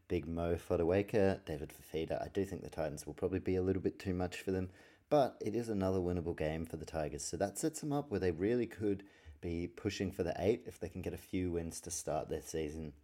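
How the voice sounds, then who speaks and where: Man, casual solo podcast talk, sweary and distracted, deep voice. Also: quick pace, dark tone. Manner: rambling, swears a lot, easily sidetracked. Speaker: podcast host. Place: his room at night.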